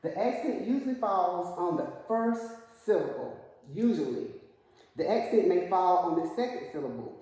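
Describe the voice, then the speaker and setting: A woman's voice: on the low side, very animated, normal speed, warm tone. A woman teacher walking a student through syllable division, patiently asking questions to prompt answers. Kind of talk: classroom instruction. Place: classroom. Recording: echoey classroom with long reverb.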